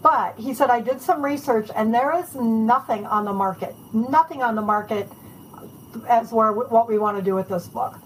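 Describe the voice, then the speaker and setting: Chatty storytelling woman, slightly high voice. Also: moderate pace, a little hiss or hum, low-quality recording. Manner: chatty, animated anecdotes with laughs. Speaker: author being interviewed. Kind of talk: casual storytelling interview.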